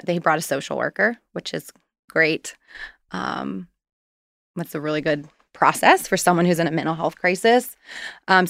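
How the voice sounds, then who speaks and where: Woman in her 30s, low gravelly voice, chatty and candid, dry close sound. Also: fairly bright tone, no room sound. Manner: candid, chatty, rambling storytelling. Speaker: guest. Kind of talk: personal story in conversation.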